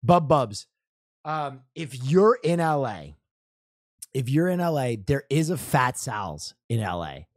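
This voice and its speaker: A man's voice: medium pitch, very animated, slow, no room sound, clean studio sound. A young man from New Jersey reacting to a show in casual chat, loose and profane, laughing and rambling.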